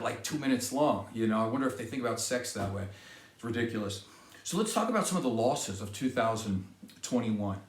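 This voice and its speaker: A middle-aged man hosting a podcast, delivering an indignant, sarcastic solo monologue. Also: medium pitch. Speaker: podcast host. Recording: echoey room.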